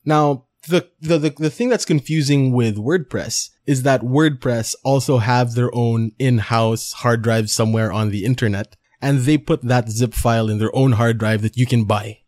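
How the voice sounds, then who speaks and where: A man co-hosting a podcast, patiently explaining web software in a casual, halting way, with the odd swear word. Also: medium pitch, fairly even intonation. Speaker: podcast co-host. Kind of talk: casual tech chat, explaining.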